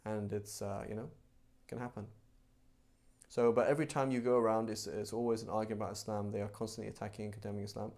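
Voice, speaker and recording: A man's voice: on the low side, steady tone, fast, a little mellow. A man teaching a live class on religious law in a casual, chatty way, full of asides and rhetorical questions.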